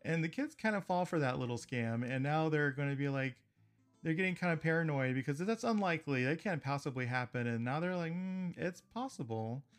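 A man with a slightly raised pitch recaps a cartoon episode in a loose, chatty way, breaking into small laughs between remarks. Soft guitar music plays faintly behind him. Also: animated, brisk, clean tone. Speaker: podcast host.

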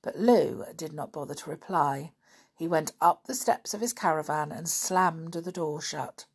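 Low-voiced woman reading a children's story, slow and gentle; podcast host. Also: breathy edge. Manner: gentle, unhurried.

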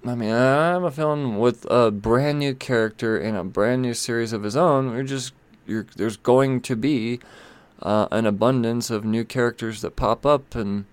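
Man, casual comic review, rambling, blunt, mid pitch, dry close sound. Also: measured pace, clean tone, no echo. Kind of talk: casual video commentary.

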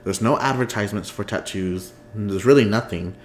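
A man with a somewhat low voice talks loosely on his podcast, wandering off topic and breaking into laughter. He is recorded at home, and the room's echo hangs around his words. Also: normal speed, slight background noise. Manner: chatty, rambling, laughs often. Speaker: podcast host. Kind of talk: casual chat. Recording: echoey room.

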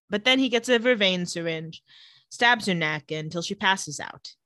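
A woman's voice: mid-range voice, pushed and bright, dry recording, studio quality. A woman co-hosting a podcast, casually recapping episodes and quoting characters as she goes. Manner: retells scenes quoting characters in quick voices. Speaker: podcast co-host recapping a show.

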